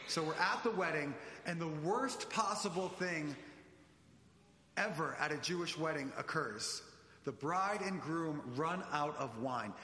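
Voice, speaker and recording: Male preacher, animated sermon, slightly high voice, long church reverb. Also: unhurried, a little hiss or hum. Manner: animated, addresses congregation directly. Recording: echoey church hall.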